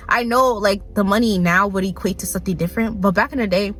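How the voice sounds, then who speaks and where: A young woman talks into her phone in a loose, rambling vlog rant, packed with "like" and little laughs. Her pitch sits in an ordinary middle range. Soft music plays faintly behind her. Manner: rambling, lots of "like", quick laughs and mock voices. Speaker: vlogger. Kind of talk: casual rant to camera.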